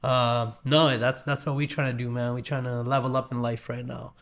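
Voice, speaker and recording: A man chatting as a guest on a podcast, relaxed and slangy, talking in quick bursts. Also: mid-range voice. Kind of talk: casual podcast chat.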